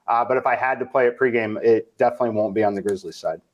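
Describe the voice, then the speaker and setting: A man on a sports betting panel, laying out his analysis in a measured way with hesitant restarts. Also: mid-range voice, dull audio. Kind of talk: casual panel chat.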